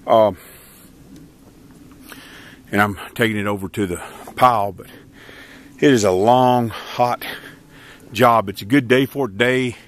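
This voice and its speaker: A man's voice: fairly low pitch, fairly even intonation, a little slow, pauses often. Folksy man on a ranch. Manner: folksy and rural, talks to his animals between explanations, calls dogs loudly. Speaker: homesteader filming his chores. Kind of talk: casual vlog narration while working. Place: outdoors in an animal pen on a ranch.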